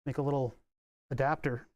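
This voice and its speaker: A man's voice: medium pitch, a little slow, a little mellow, no echo. A man chatting casually on a live stream while he tinkers with electronics at his workbench, rambling and wry, with the odd swear. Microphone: desk microphone.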